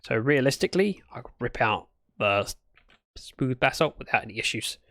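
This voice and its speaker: A man's voice: medium pitch, animated, moderate pace, gravelly, bright, forceful tone, no echo. A British man livestreaming a game, chatting casually in a rambling, playful way and correcting himself as he goes. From Britain. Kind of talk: casual gameplay chat.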